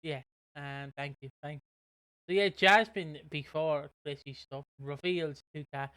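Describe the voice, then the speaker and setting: A man's voice: a little high, fairly even intonation, unhurried, sharp tone, clean tone, no room sound. Casual British man recapping a soap. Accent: British English. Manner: rambling, swears casually, acts out quotes. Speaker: podcast co-host.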